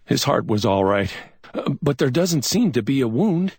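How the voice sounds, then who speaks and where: A man's voice: mid-range voice, very animated, normal speed, a little mellow, slightly rough, no echo, clean studio sound, voice pushed up. A man voicing a stubborn male naval investigator who talks curt and clipped in a crime audiobook.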